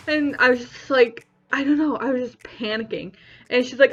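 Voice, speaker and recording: A young woman vlogger telling a personal story in a casual way, lively and acting out the voices she quotes. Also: sits high, normal speed. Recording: slightly dull audio with faint music.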